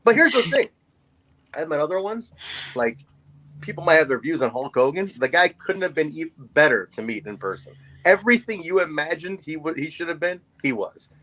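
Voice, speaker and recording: A man's voice: a little high, brisk, low-quality recording. A man in his forties, a podcast co-host, telling a story in casual chat and acting out the voices of the people in it. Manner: animated storyteller who acts out voices.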